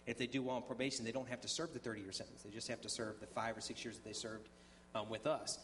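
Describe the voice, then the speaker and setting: Man, mid-pitch, casual storyteller giving a testimony in church, faint hum underneath. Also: little pitch movement, fast talker, a bit bright. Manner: conversational storytelling with many ums and restarts; acts out dialogue in quoted voices. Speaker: guest speaker sharing testimony.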